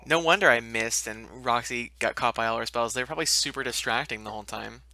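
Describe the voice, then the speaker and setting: A man's voice: medium pitch, fast talker, crowd noise. A man playing a tabletop game casually, swearing freely and joking around. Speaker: player.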